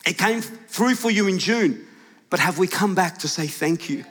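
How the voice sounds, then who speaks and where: A male pastor preaching a lively sermon to his congregation, questioning the room and shouting at its peaks. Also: high voice, moderate pace. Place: large church hall with congregation. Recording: live church hall with long reverb.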